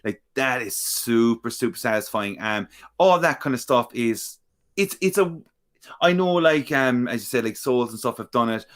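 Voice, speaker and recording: A man co-hosting a gaming podcast at an ordinary middle pitch. He rambles with enthusiasm and repeats words over and over for emphasis. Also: animated, moderate pace, a bit bright. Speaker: podcast co-host. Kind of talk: casual chat.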